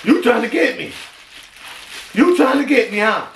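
A man's voice: extremely high pitch, lively intonation, moderate pace, a bit bright. A man with an Ohio accent unboxing fan mail in a vlog, emotional and exclaiming, repeating himself. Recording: echoey room, distant mic, background noise.

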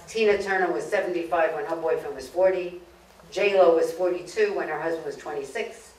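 A woman's voice: fairly low pitch, brisk, darkish tone. A woman from Brooklyn, a humorist telling jokes in a humorous talk who laughs at her own punchlines. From Brooklyn, New York. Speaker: humorist speaker. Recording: echoey room, mic far off.

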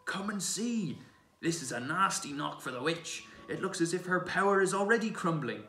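A man voicing an excited male talking beaver who shouts with delight, recorded from a distance in an echoey church. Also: a little high, moderate pace, slight background noise, voice pushed up. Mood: excited shouting. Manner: shouting, breathless with glee.

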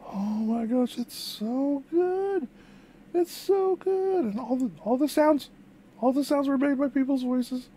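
A woman voicing an excitable female puppet who hosts a music reaction vlog, gushing and exclaiming with lots of repeated words. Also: high-pitched, takes it slowly, slight background noise. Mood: excited. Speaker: reaction video host.

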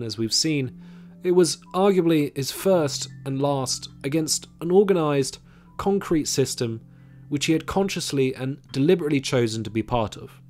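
A man with a mid-range voice narrates a scripted history documentary in a measured way, reading quotations aloud while faint music plays behind him.

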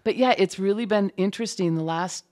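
A woman's voice: mid-range voice, brisk, darkish tone. A middle-aged woman with a light Minnesotan accent, chatting casually as an interview guest and thinking aloud with fillers and restarts. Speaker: closed captioner, guest.

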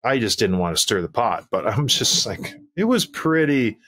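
A man hosting a podcast, retelling a night out in a casual, animated way, laughing often and acting out quoted lines. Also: lowish voice, moderate pace. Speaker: podcast host. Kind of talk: casual storytelling chat.

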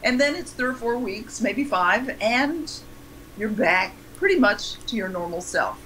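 A woman's voice: on the high side, animated, measured pace, fairly bright tone, a little hiss or hum, low-quality recording. A middle-aged woman, a guest on a talk show, explaining things in a conversational way. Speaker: guest speaker on dementia. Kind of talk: interview answers.

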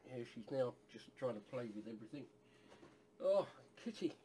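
A man's voice: mid-range voice, expressive, moderate pace, mellow, husky. A man from England casually reviewing a hot sauce, rambling with lots of fillers and asides.

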